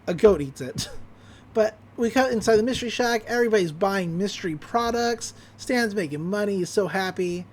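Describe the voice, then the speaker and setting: A woman hosting a podcast, casually recapping a cartoon episode with quick bits of character voices. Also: mid-range voice. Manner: animated retelling with quick character voices and laughs. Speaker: podcast host.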